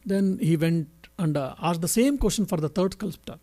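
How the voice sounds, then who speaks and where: Monk speaker, high-pitched man, gentle halting teacher giving a spiritual talk. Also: lively intonation. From India. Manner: halting, self-correcting, gentle storytelling. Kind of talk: answering a question in a spiritual talk.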